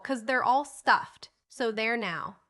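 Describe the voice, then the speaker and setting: A woman reading an audiobook voices an excitable, bossy young boy who exclaims eagerly. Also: fairly high pitch, slow pace. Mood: insistent.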